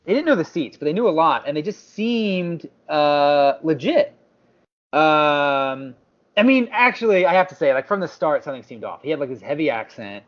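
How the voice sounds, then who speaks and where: His voice sits on the high side and moves at a moderate pace as he co-hosts a podcast. Telling a story casually, he acts out others' words with animation, recorded on slightly dull lo-fi audio.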